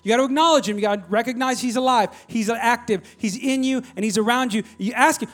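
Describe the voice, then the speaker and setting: A man with a high, bright voice preaches with lots of energy. He swings from loud calls to soft near-whispers, constantly prompting his listeners to answer. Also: fast talker, few pauses. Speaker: pastor. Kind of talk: sermon.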